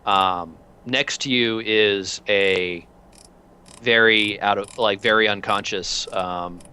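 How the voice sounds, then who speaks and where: A man's voice: fairly low pitch, fairly even intonation, slow pace, bright, forceful tone, slight background noise. A man narrating as game master of a tabletop role-playing game, loose and rambling, with many filler words.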